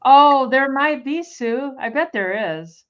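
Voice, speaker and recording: A woman's voice: sits high, lively intonation, slow. A woman co-hosting a sale show, chatting casually and musing aloud. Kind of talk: casual chat. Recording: slightly dull, muffled sound.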